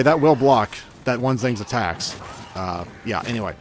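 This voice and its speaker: Chatty self-mocking man, mid-pitched. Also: lively intonation, unhurried, faint music behind. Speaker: gaming channel host. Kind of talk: casual gameplay commentary.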